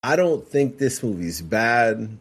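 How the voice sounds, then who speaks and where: A man talking slowly and deliberately in a casual movie podcast chat. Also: medium pitch, sing-song, husky. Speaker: podcast co-host.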